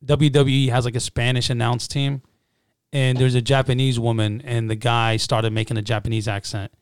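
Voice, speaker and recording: A young man co-hosting a casual podcast with his brother, joking and telling animated stories. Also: mid-range voice, moderate pace, clear, resonant tone, dry recording, clean studio sound. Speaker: podcast co-host. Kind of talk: casual chat.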